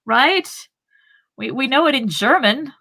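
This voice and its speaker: A woman's voice: high voice, lively intonation, measured pace, vocal fry, bright, forceful tone. A woman co-hosting a podcast in casual chat, wry and chatty. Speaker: podcast co-host.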